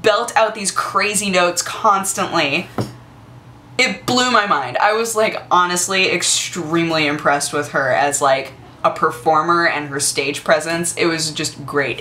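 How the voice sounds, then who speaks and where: A young woman in her twenties chatting casually to the camera on her vlog, gushing and excitable with lots of fillers. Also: lowish voice, slight background noise. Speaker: vlogger.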